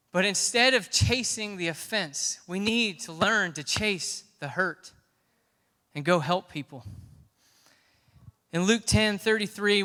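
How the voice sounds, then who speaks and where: A man preaching a youth sermon, telling a story with emphatic rises that swell almost to shouts. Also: high-pitched. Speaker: youth pastor. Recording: long hall reverb.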